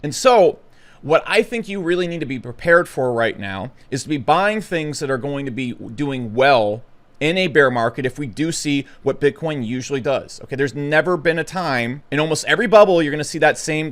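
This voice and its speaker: A young man talking bluntly and excitably to camera about the markets, stumbling over his words. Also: on the high side. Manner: blunt, brash and excitable, with stutters and restarts. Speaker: crypto commentator. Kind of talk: casual opinionated talk to camera.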